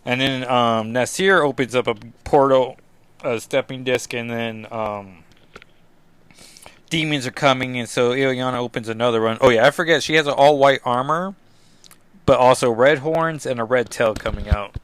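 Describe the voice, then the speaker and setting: A man's voice: mid-range voice, normal speed, a bit bright, clear, resonant tone, dry recording. A man hosting a podcast, recapping a comic book casually with lots of fillers. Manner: rambling, many fillers like 'like' and 'um'. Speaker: podcast host.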